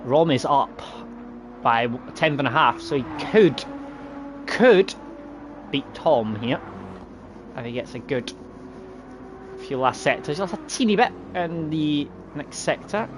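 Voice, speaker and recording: Man, race commentator, chatty, fairly high voice, background noise. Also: animated. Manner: chatty, laughing, quick self-corrections. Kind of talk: sim racing commentary.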